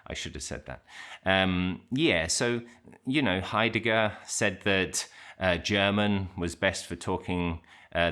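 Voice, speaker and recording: A man's voice: low voice, sharp tone. A middle-aged man who teaches English, talking casually and reflectively to his viewers, hesitant with many fillers and restarts as he thinks aloud. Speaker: English teacher and channel host. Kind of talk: casual reflective talk to camera.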